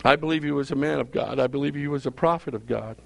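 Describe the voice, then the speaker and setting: A man's voice: mid-range voice, fast talker, vocal fry, fairly bright tone, slight background noise. A male pastor preaching a sermon, repeating phrases for emphasis and calling out questions to his congregation.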